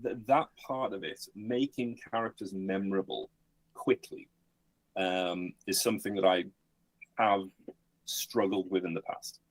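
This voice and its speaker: Husky, hesitant man chatting. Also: deep voice, fairly even intonation, unhurried, no room sound. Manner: hesitant, many fillers and restarts. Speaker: game master. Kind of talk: casual podcast chat.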